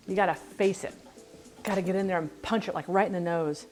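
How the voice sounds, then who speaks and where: A woman's voice: on the low side, steady tone, brisk, a little mellow, soft background music. Chatty woman cooking on a livestream. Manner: chatty, rambling, self-deprecating. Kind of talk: casual chat while cooking on a livestream.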